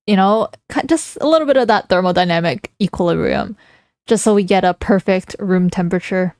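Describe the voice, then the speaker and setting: A woman's voice: mid-range voice, animated, fairly quick, a little mellow, no echo. Young woman streamer, teasing, laughs a lot, mid voice, close and dry. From Canada. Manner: playful, teasing, laughs often while reading chat. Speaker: livestreamer. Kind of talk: casual livestream chat.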